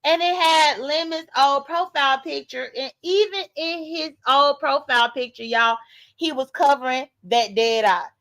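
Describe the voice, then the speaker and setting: A woman hosting a casual livestream, commenting on drama and reading viewer comments aloud, animated and talking straight to her audience. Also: high voice, normal speed, poor audio. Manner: animated, talks straight to viewers, rhetorical questions. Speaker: YouTube commentary host.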